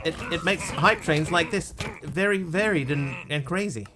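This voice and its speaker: A man's voice: fairly high pitch, normal speed, background noise. A man live-streaming a video game, chatting in a scattered way, yelping and thanking viewers as he plays.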